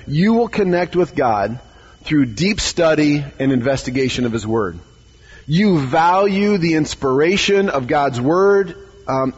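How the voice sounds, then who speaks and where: A man's voice: fairly high pitch, a little mellow, breathy edge, dull audio. A man, a pastor, giving a conversational sermon in church, often stumbling over words and asking "right?".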